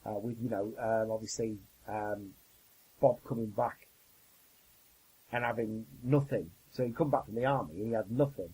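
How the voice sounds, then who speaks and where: A man hosting a podcast, talking in a thoughtful, measured way with some fillers. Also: on the low side, dark tone, slightly rough, low-quality recording. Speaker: podcast host. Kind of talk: casual podcast chat.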